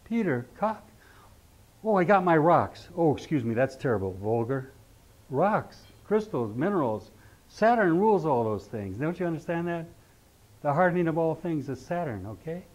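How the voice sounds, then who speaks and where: Teaching astrology to a class, this middle-aged man talks casually and keeps throwing rhetorical questions at his students. His voice is a little high and darkish, swinging widely in pitch at normal speed, and the recording is dull and lo-fi.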